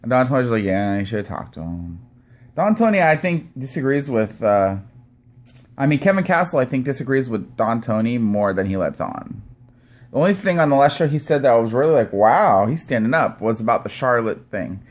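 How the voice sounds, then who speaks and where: A man's voice: mid-range voice, very animated, a little fast. A man ranting to camera as a commentator, angry, sarcastic and profane. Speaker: YouTube commentator. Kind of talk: profane rant vlog.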